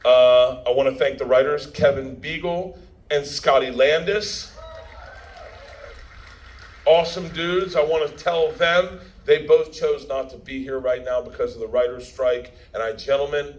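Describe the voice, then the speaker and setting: A man's voice: mid-range voice, steady tone, unhurried, a little hiss or hum, poor audio. A man giving a speech at a premiere, telling a story in a brash, profane, laughing way and acting out the quotes. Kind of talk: stand-up style storytelling speech.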